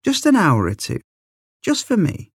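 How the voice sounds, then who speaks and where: A man voicing a mother who gently coaxes her son, in a soft, pleading tone. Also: sits high, wildly swooping pitch, a little slow, husky, no room sound, clean studio sound, pitched above the performer's own voice, full character voice. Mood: coaxing. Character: coaxing mother, gentle and persuasive.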